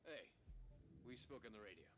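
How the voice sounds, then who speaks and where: An actor playing a calm, businesslike male scout soldier in a video game, speaking in a brisk, matter-of-fact way. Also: medium pitch.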